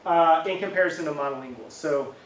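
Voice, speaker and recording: A middle-aged man gives a relaxed academic lecture in a somewhat high voice. He talks conversationally, checks in with the audience, and stops to rephrase. He is recorded from across an echoey room, with faint room noise behind him. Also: fast. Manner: casual, conversational lecturing with frequent "um", "right?". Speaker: university linguistics lecturer. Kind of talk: academic talk. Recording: echoey room, mic at a distance.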